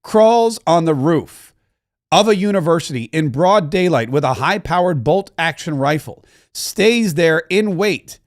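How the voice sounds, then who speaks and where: A man's voice: a little high, animated, unhurried, dry recording, clean studio sound. A man hosting a political commentary show, talking in an emphatic, indignant and often sarcastic way. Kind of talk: opinionated commentary.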